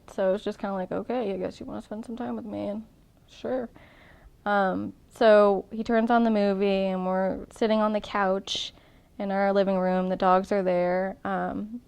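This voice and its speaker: Young woman, casual storytelling, chatty, frequent ums, mid-range pitch. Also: vocal fry, a little mellow, clear, resonant tone. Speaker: bride telling her proposal story.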